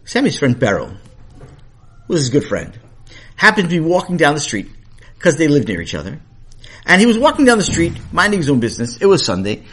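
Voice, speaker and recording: Animated, husky male storyteller. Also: fairly high pitch, a little fast, long pauses. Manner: animated, playful asides. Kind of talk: children's story narration.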